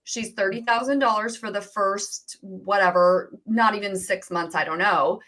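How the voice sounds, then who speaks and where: An animated woman, a business coach, tells her story as a podcast guest. She talks casually and acts out the conversations she describes. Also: mid-range voice, unhurried. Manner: animated, acts out quoted dialogue, many "like"s.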